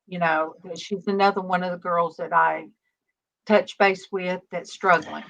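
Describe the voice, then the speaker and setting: A middle-aged woman leads a casual online prayer chat, speaking slowly in a lowish voice. She hesitates and fills gaps with "um" while she gathers her thoughts. Her call audio comes through muffled. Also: fairly even intonation, vocal fry, a bit bright. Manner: halting, many pauses and "um"s. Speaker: online ministry panel host.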